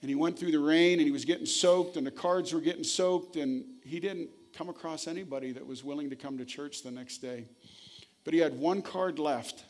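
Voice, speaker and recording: Storytelling male preacher, slightly high voice. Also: moderate pace, darkish tone. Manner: storytelling, earnest, emphatic. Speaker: pastor. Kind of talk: sermon.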